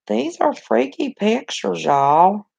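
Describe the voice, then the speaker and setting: A chatty, excitable woman with a Southern West Virginia accent, hosting a casual live chat from a cluttered bedroom on a phone. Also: mid-range voice, slow pace, gravelly, husky. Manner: chatty, excitable, talks to viewers and reacts to the chat. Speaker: live stream host.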